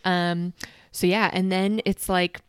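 A woman co-hosting a casual recap podcast, relaxed and agreeable, full of "like" and quick affirmations. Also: lowish voice, clear, resonant tone, dry recording. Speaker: podcast co-host.

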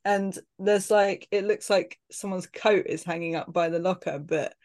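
A woman's voice: lowish voice, fairly even intonation, normal speed, darkish tone. Woman guest telling a rambling anecdote. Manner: rambling anecdote with laughs and fillers. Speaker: podcast guest. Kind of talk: casual podcast chat.

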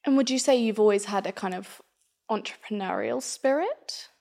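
Woman, podcast host, calm measured questions, mid-pitched voice. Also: vocal fry. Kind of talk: interview questions.

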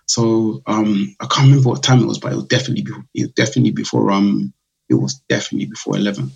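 Male guest, gravelly and husky, chatty storyteller who acts out customers' voices. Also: lowish voice, rapid-fire, dull audio. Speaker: guest, drinks brand founder. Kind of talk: casual podcast interview.

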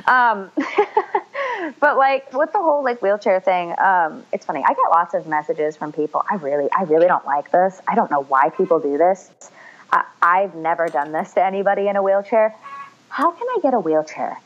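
A woman's voice: fairly low pitch, animated, moderate pace, muffled recording. A young woman in casual chat, speaking candidly, swearing freely and acting out what others said.

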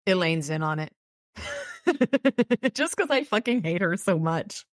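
A woman's voice: lowish voice, animated, a little slow, no room sound, studio quality. Blunt, profane woman co-host. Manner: blunt, profane, laughs between quotes. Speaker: podcast co-host. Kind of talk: casual book-club chat.

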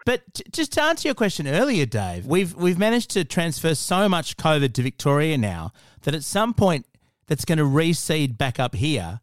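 An Australian man co-hosting a podcast, delivering sarcastic deadpan jabs in casual chat. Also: on the high side, normal speed, no echo, clean studio sound. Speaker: podcast co-host.

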